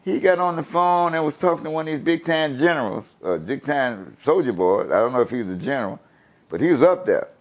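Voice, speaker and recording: Lively, profane older American storyteller man. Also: a little high, fairly quick. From USA. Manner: animated, profane, laughs while telling stories. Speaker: guest storyteller. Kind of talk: casual interview storytelling.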